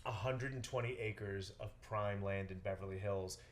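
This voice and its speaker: A man's voice: fairly low pitch, normal speed. A young man, a real estate agent, telling stories in a casual interview and acting out the people in them. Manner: animated storyteller, acts out quotes.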